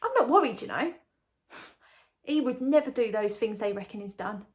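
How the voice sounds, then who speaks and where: A woman's voice: a little high, expressive, normal speed, lightly acted. A young woman performs a dramatic monologue as a chatty, confiding young woman engaged to a condemned prisoner. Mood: breezy. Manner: confiding, gossipy, breezy. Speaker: lead character in a monologue.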